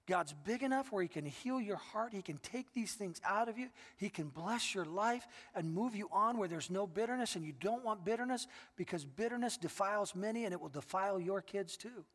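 A middle-aged man preaching a sermon as pastor, telling stories earnestly and often restarting his sentences. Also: high voice. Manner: earnest storytelling with repeated restarts. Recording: long reverb of a large hall.

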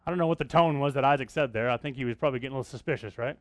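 A man's voice: mid-range voice, very fast, dry recording. A man preaching a sermon as pastor, talking conversationally and often asking the congregation questions.

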